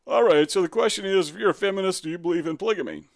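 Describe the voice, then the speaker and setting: A middle-aged man delivers an opinion commentary with a sarcastic, combative edge. His voice sits a little higher than most men's. He presses his listeners with rhetorical questions, recorded close and dry with no room sound. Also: rapid-fire, gravelly, dry recording. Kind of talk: opinion commentary reading from a web page.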